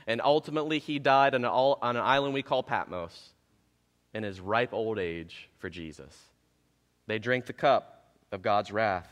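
Bright-voiced man preaching in a hall. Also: mid-range voice. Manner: storytelling, self-mocking, animated. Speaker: pastor. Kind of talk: sermon. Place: church sanctuary.

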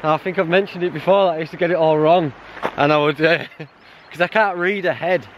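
A man's voice: a little high, fairly quick, muffled recording, a little hiss or hum. A middle-aged man vlogging a solo hike, chatting casually to camera with jokes and frequent laughs, outdoors and then inside a bothy. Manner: chatty, jokey, laughs often. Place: outdoors on a hiking trail, later inside a bothy.

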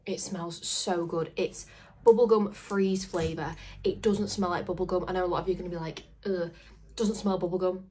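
A young woman chatting casually to her camera as a vlogger, rambling with lots of "like" and "literally". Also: lowish voice. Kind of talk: casual vlog chat. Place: outdoors on a dog walk, then at home indoors.

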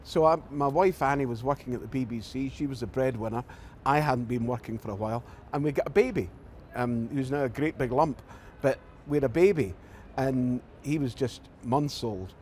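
Mann, Glasgower Akzent, Schauspieler als Gast, erzählt Anekdoten, spielt Zitate lebhaft nach, mittlere Stimmlage. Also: male voice, mid-range voice, normal speed, hardly any pauses, a little hiss or hum. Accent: Glasgow Scottish. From Scotland. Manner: animated storyteller acting out quoted lines. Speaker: actor guest. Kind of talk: anecdotal storytelling in an interview.

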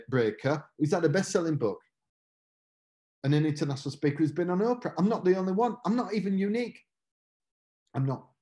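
British guy doing a motivational talk, jokey about himself, lively up and down voice. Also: a little high. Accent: British English. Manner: chatty, self-mocking, acts out quotes. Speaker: motivational speaker.

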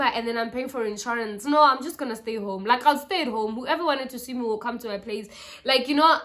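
A young South African woman with a South African accent, casually telling a personal story to her vlog viewers, chatty and animated. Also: on the high side. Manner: chatty, animated retelling with quoted voices and code-switching. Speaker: YouTuber.

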